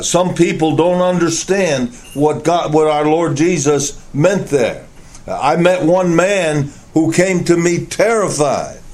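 A man preaching a sermon, teaching slowly and deliberately from the Bible with emphatic stresses. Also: on the high side, darkish tone.

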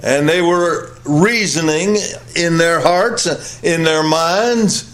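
A male pastor preaching a sermon, emphatic and repetitive, swinging between high loud peaks and low quiet drops. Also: takes it slowly. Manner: emphatic, repeats phrases for weight.

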